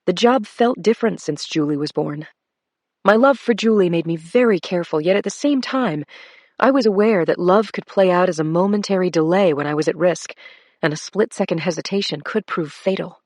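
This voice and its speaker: A woman narrating a crime thriller audiobook in first person, steady and measured. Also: fairly low pitch, no room sound, studio quality.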